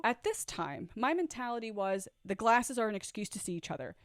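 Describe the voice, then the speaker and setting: A woman with a deep voice tells a personal story, candid and reflective, acting out what people said. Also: big pitch swings, fairly quick, few pauses, no room sound, clean studio sound. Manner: candid, reflective, acts out quoted dialogue. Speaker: vlogger telling her own story. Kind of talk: storytime vlog.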